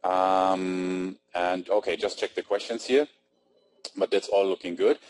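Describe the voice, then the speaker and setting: A man with a German accent hosts an online marketing webinar through a computer mic, chatty and upbeat as he reads attendees' names from the chat. His voice is low-pitched, level, a little slow, and darkish, on a low-quality recording.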